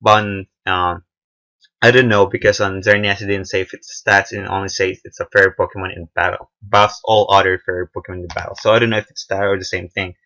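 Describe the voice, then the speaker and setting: A young man giving casual, unscripted commentary on a game trailer, halting often with fillers and restarts. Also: sits low, little pitch movement, bright, forceful tone. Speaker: gaming video reviewer.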